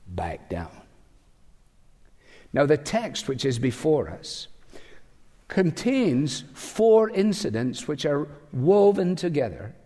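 A man's voice: a little high, warm tone. Emphatic preacher man in a reverberant hall. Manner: emphatic, poses rhetorical questions to the listeners. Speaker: pastor. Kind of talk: sermon.

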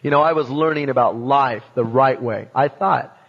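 A man telling a personal testimony, animated and acting out voices and sounds from his story. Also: medium pitch, moderate pace, creaky. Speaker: speaker giving a testimony. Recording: dull sound in a reverberant hall.

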